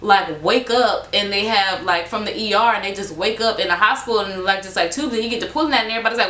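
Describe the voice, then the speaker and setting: Bright-voiced young woman, rambling storytime. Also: mid-range voice, a little fast, few pauses. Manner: rambling, animated retelling with many fillers and acted-out quotes. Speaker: vlogger. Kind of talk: casual storytime. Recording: echoey room with faint background noise.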